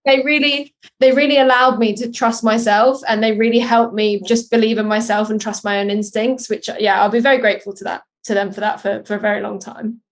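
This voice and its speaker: A woman, a guest actress in a casual interview, speaking softly, hesitant and sincere. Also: on the high side, fairly even intonation, brisk, hardly any pauses.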